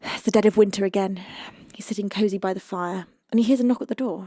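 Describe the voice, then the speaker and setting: British female streamer, playful and giggly, warm mellow tone, dry and close. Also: medium pitch, steady tone, brisk, dry recording. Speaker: music streamer host. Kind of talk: casual live-stream chat reading viewer comments.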